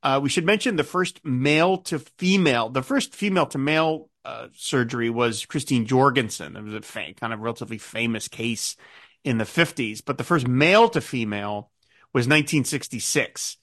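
A middle-aged man co-hosting a podcast, chatting about a TV show in an animated way, full of asides. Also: medium pitch, normal speed. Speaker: podcast co-host. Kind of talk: casual chat about a TV show.

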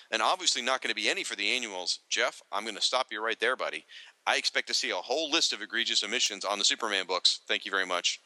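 Fast, lively man reading listener mail. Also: mid-range voice, dry recording, poor audio. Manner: animated, joking, quick asides to listeners. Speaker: podcast co-host reading listener feedback. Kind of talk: casual podcast chat.

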